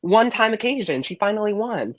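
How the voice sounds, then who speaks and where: A man's voice: high-pitched, sing-song, fairly quick, no room sound. A man calling in to a live stream, chatting casually and gossiping with sassy, emphatic jokes. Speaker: caller. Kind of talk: casual chat as a call-in guest.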